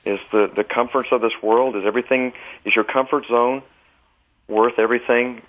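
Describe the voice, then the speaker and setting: A man speaking as a guest on a religious talk program, earnest and measured, restarting his sentences. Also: medium pitch, steady tone, narrow, tinny audio. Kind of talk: religious talk show conversation.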